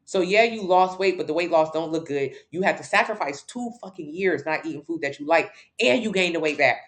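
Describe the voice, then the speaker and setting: A woman's voice: lowish voice, a little fast. A woman fitness coach answering viewer questions on a casual livestream, blunt and sassy, swearing casually and pushing her voice up for emphasis. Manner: lively, swings in loudness for emphasis.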